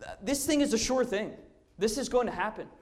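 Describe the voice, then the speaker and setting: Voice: medium pitch, expressive, fairly quick, a little mellow, slight background noise. A lay preacher giving a verse-by-verse sermon, earnest and emphatic, often restarting with repeated "and, and" and reading scripture aloud in old-fashioned wording. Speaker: lay preacher in a church service. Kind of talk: sermon, verse-by-verse Bible teaching.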